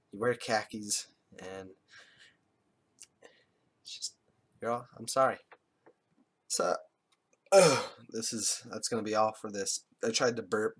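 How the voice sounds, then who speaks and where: A man's voice: fairly low pitch, a bit bright. A man telling a rambling, joking story to camera, crude and full of swearing. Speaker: vlogger.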